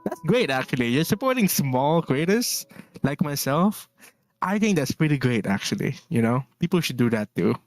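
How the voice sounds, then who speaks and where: A man's voice: fairly high pitch, sing-song, moderate pace, no room sound, faint music behind. A man from the Philippines streaming casually while drawing, rambling, laughing often and reading chat messages aloud.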